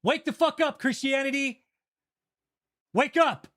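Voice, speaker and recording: High-voiced man in a profane rant. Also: a little slow, fairly bright tone. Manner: angry, profane, ranting. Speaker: channel host. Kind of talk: livestream commentary rant.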